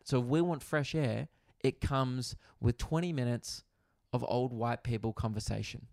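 Young Aussie guy, comedian host, gravelly voice, dry close sound, swears freely while telling a story. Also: mid-range voice, moderate pace, darkish tone, dry recording. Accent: Australian. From Australia, Victoria. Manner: crude, profane storytelling with frequent asides. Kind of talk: comedic podcast monologue. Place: hotel room in quarantine.

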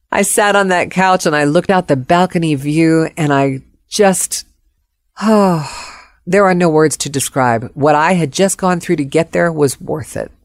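A woman's voice: low voice, moderate pace, hardly any pauses, no echo, clean studio sound. A woman telling a personal story expressively, acting out the voices of the people in it.

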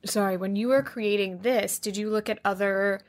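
A woman's voice: medium pitch, steady tone, moderate pace. A woman co-hosting a podcast who asks long, hedging questions. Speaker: podcast co-host. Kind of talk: casual interview chat.

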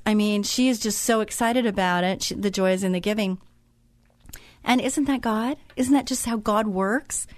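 A woman's voice: medium pitch, no room sound. A middle-aged woman hosting a faith talk show, telling stories chattily and acting out the voices of the people she quotes. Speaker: radio show host. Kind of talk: casual faith talk monologue.

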